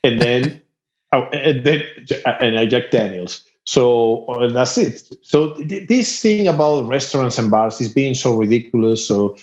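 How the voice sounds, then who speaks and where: A man from Spain with a Spanish accent, a musician guest telling stories in a casual, animated way. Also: mid-range voice, measured pace. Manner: animated, laughing storyteller. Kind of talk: casual storytelling interview. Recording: dull lo-fi sound.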